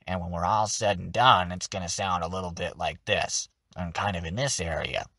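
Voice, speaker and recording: Cast: weathered street goblin, low and gruff, done by a man, slow and growling, dry close mic. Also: fairly even intonation, pushed and bright, no echo, exaggerated voice.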